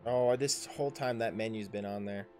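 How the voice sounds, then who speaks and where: A man's voice: fairly low pitch, moderate pace, a little mellow, faint music behind. Man coaching players as game master. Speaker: dungeon master. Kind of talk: running a tabletop game on a livestream.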